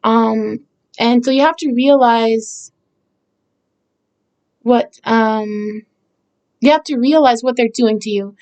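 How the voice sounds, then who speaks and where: A woman's voice: a little high, slow pace, long pauses, a little mellow. A woman songwriter talking casually about the meaning of her song lyrics, rambling with many fillers and restarts. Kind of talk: casual explanatory talk.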